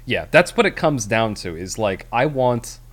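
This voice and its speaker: A man's voice: medium pitch, sing-song, measured pace, a bit bright. A man co-hosting a casual movie review chat, rambling with many fillers and restarts. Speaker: podcast co-host.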